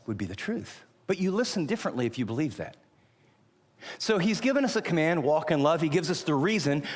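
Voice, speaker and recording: A man preaching a sermon, emphatic, asking rhetorical questions and moving between loud and hushed delivery. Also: on the high side, in a large hall. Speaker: pastor.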